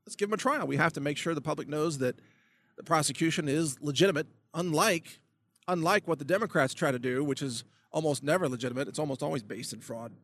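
Ranting man with a higher voice. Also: quick pace, a bit bright. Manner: indignant, sarcastic, ranting. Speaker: political commentator. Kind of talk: monologue video blog.

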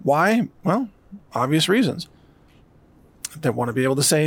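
A man's voice: fairly high pitch, very animated, normal speed, fairly bright tone, breathy edge, dry recording. A man delivering an emphatic, sarcastic commentary monologue. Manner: emphatic, sarcastic, mocks others in put-on voices. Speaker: political commentator.

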